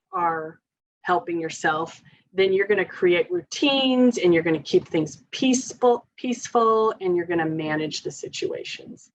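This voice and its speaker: A woman occupational therapist giving a casual training talk to parents, chatty and laughing often. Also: lowish voice. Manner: chatty, laughs often, leads group exercises with chanting. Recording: slightly dull lo-fi sound.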